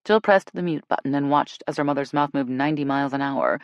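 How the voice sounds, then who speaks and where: A woman narrating a romance audiobook in an expressive reading voice. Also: a bass voice, fast, no room sound, lo-fi sound. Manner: expressive, switches between characters. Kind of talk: scripted narration.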